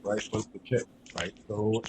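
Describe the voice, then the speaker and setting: A man's voice: fairly low pitch, steady tone, a little slow, noisy background. A man narrating as game master of a tabletop game, rambling and filling his sentences with "like" and "right?". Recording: muffled lo-fi audio.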